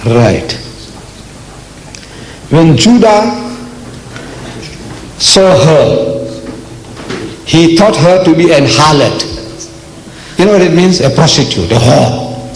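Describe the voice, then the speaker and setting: An older man from South Africa giving a public religious lecture, emphatic and deliberate, with rhetorical questions to the audience. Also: on the high side, animated, a little hiss or hum, poor audio. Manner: slow, deliberate delivery with dramatic pauses.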